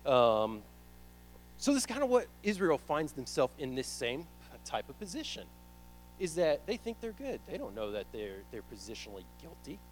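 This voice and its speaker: A young man preaching, telling a personal story with animated delivery and acting out his own panic. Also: mid-range voice, normal speed, faint music behind, rough recording.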